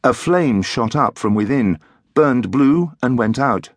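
A man narrating a mystery audiobook in an expressive, dramatic storytelling manner. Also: mid-range voice, a little slow, husky, no echo.

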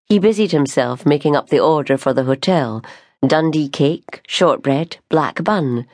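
A woman narrates an audiobook in a low, slow, measured way. Her pitch rises and falls a lot, and the sound is dry and close to the mic. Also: a little mellow, no room sound. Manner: measured, unhurried storytelling. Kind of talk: scripted narration.

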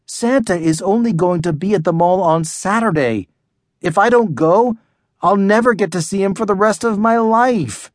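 A man's voice: high-pitched, normal speed, no room sound, clean studio sound, pitched above the performer's own voice, natural voice. A man voicing an eager young schoolboy who begs and whines in a children's audiobook. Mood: pleading. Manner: whiny, begging.

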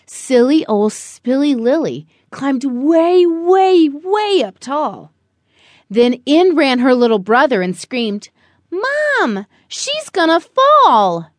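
A woman narrating a rhyming children's picture book in a slow, expressive storytelling manner. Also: high voice, dry recording, studio quality. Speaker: audiobook narrator.

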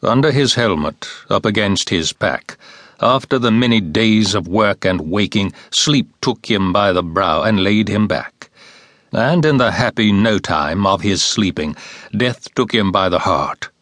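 A man reading war poetry aloud as an audiobook narrator, in a slow, measured and solemn recitation. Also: fairly low pitch, animated, a bit bright, no room sound.

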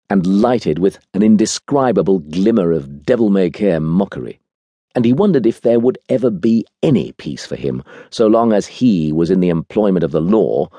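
Deep, expressive male audiobook narrator. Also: no echo. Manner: expressive, wry storytelling.

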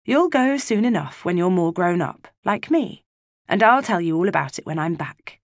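A woman voicing a gentle, patient older sister, a girl nearing womanhood, in a storybook reading. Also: lowish voice, animated, moderate pace, dry recording, studio quality. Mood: soothing. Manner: soothing and patient.

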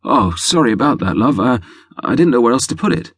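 A man voicing a playful, confident young man in an audiobook, low and teasing, slipping into a purr. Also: sing-song, brisk, creaky, breathy edge, dry recording, studio quality, exaggerated voice.

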